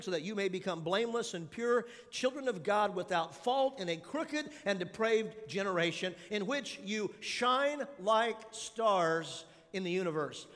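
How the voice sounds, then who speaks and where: A man with a high voice preaches a sermon, working through numbered points and tossing questions out to the congregation. His voice rings with the long reverb of a big church hall. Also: a bit bright. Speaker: pastor. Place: large church auditorium.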